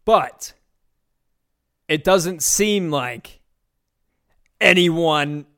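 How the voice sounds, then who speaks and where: A man's voice: fairly high pitch, animated, drawn-out words, pushed and bright. A man hosting a podcast, talking in a loose, sarcastic and incredulous way, rambling through his thoughts. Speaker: podcast host. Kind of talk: casual commentary.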